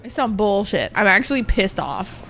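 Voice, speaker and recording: A woman's voice: medium pitch, big pitch swings, normal speed, gravelly, fairly bright tone. A young woman streaming a video game, ranting dramatically and swearing in exasperation at it. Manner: profane, exasperated, dramatic rants. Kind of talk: let's-play livestream commentary. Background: faint game music.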